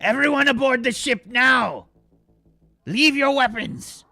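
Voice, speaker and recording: A man voicing a furious alien woman commander who shouts frantic orders. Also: very high voice, takes it slowly, creaky, dry recording, voice pushed up, exaggerated voice. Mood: commanding.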